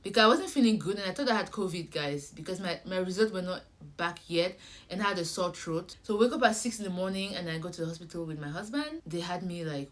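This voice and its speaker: A young woman vlogger telling a personal story in a casual, animated way, acting out conversations and talking straight to her viewers. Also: lowish voice. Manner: animated, acts out conversations, addresses viewers directly.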